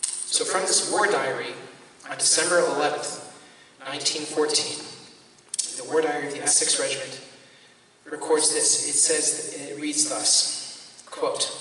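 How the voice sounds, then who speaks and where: A man preaches in a loose, chatty way, trailing off into asides and fillers. His voice is bright and forward. He is picked up from far off in a large church with a long ringing echo. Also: a little high, steady tone, a little slow, pauses often, slight background noise. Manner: conversational, many fillers and asides. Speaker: parish priest. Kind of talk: homily.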